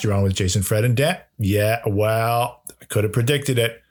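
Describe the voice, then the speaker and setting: A man's voice: lowish voice, normal speed, soft background music. A man hosting a comedy podcast, playful and theatrical, with mock-announcer flourishes. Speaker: podcast host.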